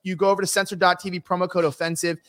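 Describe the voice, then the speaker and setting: High-voiced rambling podcast host. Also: male voice, flat delivery, racing. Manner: loud, rambling, laughing asides. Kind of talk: casual live-stream banter.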